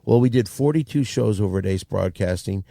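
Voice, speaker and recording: A man's voice: fairly low pitch, fairly quick, vocal fry, dark tone, no room sound, studio quality. A man hosting a comedy podcast, blunt and steering the conversation. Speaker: podcast host.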